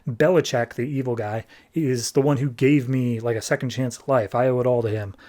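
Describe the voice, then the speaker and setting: A man's voice: mid-range voice, fairly even intonation, a little fast, a little mellow, close to an everyday voice. A man voicing a callous, smug male comic-book villain in a casual, offhand way while recapping a comic.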